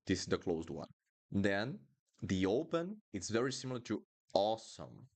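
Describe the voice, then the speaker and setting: Guy teaching pronunciation live, low voice, drills words over and over, takes it slow. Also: very animated. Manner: slow, patient drilling of sounds, repeating words. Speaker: Portuguese teacher. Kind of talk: live online language lesson. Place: home studio, livestream.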